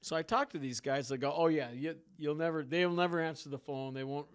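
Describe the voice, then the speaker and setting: A man with a somewhat high voice tells his adventures as a ferry pilot in a relaxed interview. He slips into the voices of the people he met and laughs along as he goes. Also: fairly quick, clear, resonant tone. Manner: animated storyteller, acts out dialogue, laughs often. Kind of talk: casual storytelling interview.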